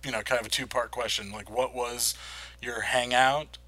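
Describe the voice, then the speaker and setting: A man co-hosting a podcast, chatting about films in an easygoing way. He pauses with small hesitations as he lists titles. His voice is mid-pitched and bright. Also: steady tone. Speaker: podcast co-host. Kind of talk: casual film chat.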